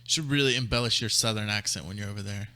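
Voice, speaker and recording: A man's voice: lowish voice, quick pace, pushed and bright. A man in casual podcast chat, sarcastic, blunt and jokey. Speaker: podcast co-host.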